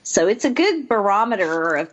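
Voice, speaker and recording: A woman's voice: medium pitch, sing-song, fairly quick, low-quality recording. A middle-aged woman speaking as a guest on a radio talk show, chatty and repeating words as she goes. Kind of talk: casual radio chat.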